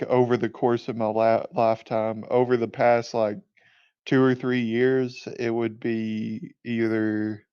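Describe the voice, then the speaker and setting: A man's voice: mid-range voice, mellow, clear, resonant tone, highs cut off. A man co-hosting a podcast in casual chat, easygoing and laughing often. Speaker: podcast co-host.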